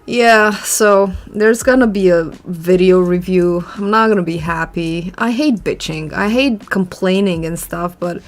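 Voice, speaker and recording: Slow-talking chatty woman art vlogger. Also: on the low side, a little hiss or hum. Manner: rambling, chatty, reads out viewer comments. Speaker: art channel host. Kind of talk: casual chat while drawing.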